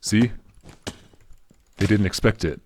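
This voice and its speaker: Soft-spoken low-voiced gaming commentator. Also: male voice, slow pace, a little hiss or hum. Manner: soft, muted, mumbly delivery; low-energy, understated, self-deprecating. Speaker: gaming channel host. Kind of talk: casual gameplay commentary.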